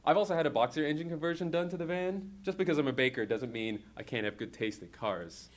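A man's voice: fairly high pitch, expressive, fast, close to an everyday voice. A man reading a storybook aloud and voicing a proud, sensible woman baker in a level tone.

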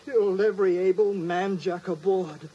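A man's voice: high-pitched, fairly even intonation, normal speed, warm tone, husky, muffled recording. An actor playing a shaken male sailor, survivor of a raid, telling his story urgently, on an old film soundtrack.

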